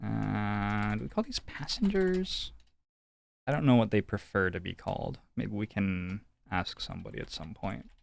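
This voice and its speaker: A man's voice: lowish voice, normal speed, gravelly. A man streaming a detective game, thinking aloud in a playful, joking way as he comments on what he finds. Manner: playful, jokey musing aloud. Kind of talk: casual gameplay commentary.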